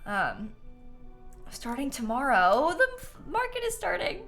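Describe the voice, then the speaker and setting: A woman's voice: high-pitched, wildly swooping pitch, a little slow, fairly bright tone, faint music behind. A woman livestreaming a game, chatting casually with her viewers and laughing often. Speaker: game streamer.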